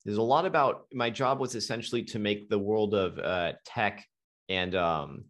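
A middle-aged man, a guest hypnotherapist, tells a story in an animated, emphatic way with frequent restarts. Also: fairly low pitch, moderate pace. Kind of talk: storytelling in a conversation.

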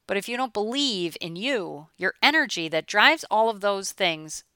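Blunt, bright-voiced woman coach in her forties. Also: medium pitch, animated, moderate pace, smooth, dry recording. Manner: blunt, emphatic, swears casually. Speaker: mindset coach. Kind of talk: motivational talk.

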